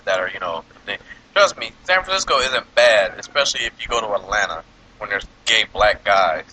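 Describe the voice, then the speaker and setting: Male host, animated storyteller, bright tone, eating as he talks. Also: fairly low pitch, fairly quick, a little hiss or hum, rough recording. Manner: animated storytelling, laughs a lot. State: eating while talking. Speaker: podcast host. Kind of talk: casual chat.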